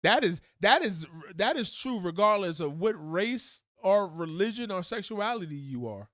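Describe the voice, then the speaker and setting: A man with a high voice rants on his live stream, swearing bluntly and heatedly. the sound is dry and close, with no room echo at all. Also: animated, moderate pace, fairly bright tone. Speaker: livestream host. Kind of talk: profane live commentary rant.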